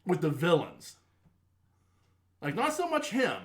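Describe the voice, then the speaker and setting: Halting higher-voiced man chatting casually. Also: wildly swooping pitch. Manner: halting, many repeated starts and fillers. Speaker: podcast co-host. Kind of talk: casual chat.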